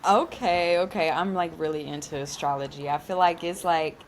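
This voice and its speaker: A woman's voice: deep voice, moderate pace, a little hiss or hum. A woman hosting a podcast, asking questions in a friendly, curious, casual way with lots of "like" fillers. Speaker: podcast host. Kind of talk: casual interview chat.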